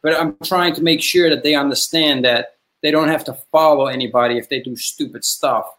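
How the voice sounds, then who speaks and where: A man talking in a lively, chatty way in a casual podcast conversation, often checking in with "right?". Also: a little high, brisk. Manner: animated, chatty, tags lines with "right?".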